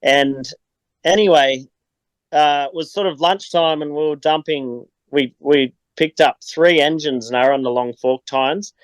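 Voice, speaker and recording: Australian man, podcast guest, slightly high voice, dry close sound, laughs a lot. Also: unhurried, no room sound, rough recording. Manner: rambling storyteller, laughs often. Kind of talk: casual chat.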